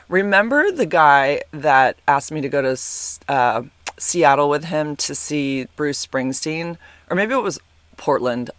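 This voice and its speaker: A man hosts his podcast in loose, rambling chat, his fairly high voice carrying a bright, forceful edge. He is animated and exclaims often, full of fillers. The sound is dry, with little room in it. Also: dry recording. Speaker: podcast host. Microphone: podcast microphone, sitting a bit back from it.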